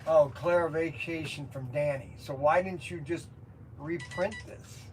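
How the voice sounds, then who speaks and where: A man's voice: on the high side, unhurried, a little hiss or hum. A man who owns a toy shop, chatting casually on a livestream while packing orders, with frequent exclamations.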